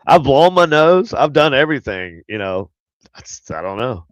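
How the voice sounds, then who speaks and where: A man's voice: mid-range voice, big pitch swings, a little slow, pauses often, dry recording, lo-fi sound. A man hosting a casual live stream, with a nasal voice from plugged sinuses, rambling and chatty as he reads viewer comments aloud. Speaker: show host.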